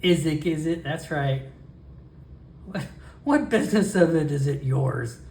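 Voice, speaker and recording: A solo role-player voicing a suspicious, sharp-tongued townswoman in a sarcastic drawl, recorded in an echoey room. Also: medium pitch, lively intonation, a little slow, slight background noise, close to an everyday voice.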